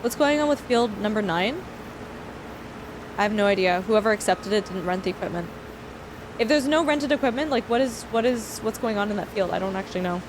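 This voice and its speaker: A young woman from Canada, a streamer chatting casually with viewers while playing a farming game, self-deprecating and quick to thank people. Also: medium pitch, lively intonation, background noise. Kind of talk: casual livestream chat while gaming.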